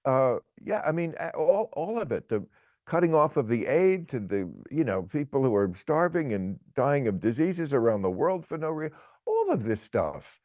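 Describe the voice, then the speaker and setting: A man in his sixties giving opinionated political talk, halting and repeating words, then pressing his point emphatically. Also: mid-range voice, very animated, darkish tone, no echo, highs cut off. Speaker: guest commentator.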